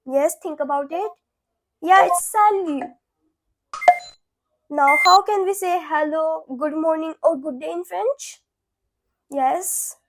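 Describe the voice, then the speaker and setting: A young woman teaches beginner French at a very slow, careful pace, saying every phrase twice. Her voice sits very high. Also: a bit bright. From India. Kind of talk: beginner language lesson.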